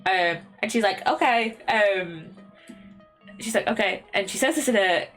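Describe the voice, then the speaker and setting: A woman's voice: mid-range voice, measured pace, fairly bright tone, soft background music. Rambling young Englishwoman chatting. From England. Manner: rambling, many ums and restarts. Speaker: streamer. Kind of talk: casual chat.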